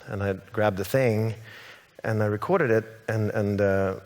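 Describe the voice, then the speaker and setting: A songwriter born in Sweden, Swedish his first language, sits as a guest in a relaxed stage interview in a big hall, meandering hesitantly through a story with frequent restarts. His voice is lowish and darkish, fairly even in intonation and unhurried, with the sound of a large room.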